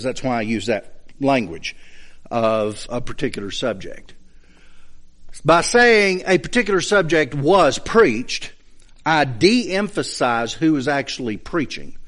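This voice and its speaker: A man's voice: medium pitch, a bit bright. A man teaching a Bible study lesson, explaining points step by step and checking in with his listeners. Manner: explains slowly, checks understanding with asides.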